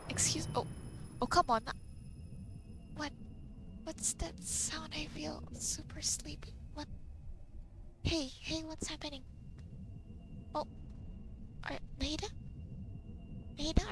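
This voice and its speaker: A young woman reacting to a game she is playing, excitable and expressive, swearing freely. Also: sits high, creaky, noisy background. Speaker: game streamer. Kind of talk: gameplay reaction commentary. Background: game music.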